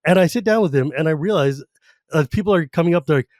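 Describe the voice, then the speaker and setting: A man's voice: on the high side, a little mellow, no room sound. Enthusiastic male podcast host, dry close sound. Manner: enthusiastic, fast-talking, full of "like" asides. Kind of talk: casual podcast chat.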